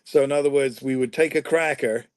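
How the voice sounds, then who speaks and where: A man from Canada chatting easily on a live stream, relaxed and often trailing off quietly. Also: medium pitch, a little fast, no echo, poor audio. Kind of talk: casual live-stream chat. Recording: dry close sound.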